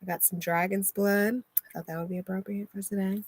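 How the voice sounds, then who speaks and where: A young woman casually chatting on a live stream from inside her motorhome, animated and laughing often. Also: mid-range voice, a little fast, background noise. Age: young adult. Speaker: vlogger and oracle card reader.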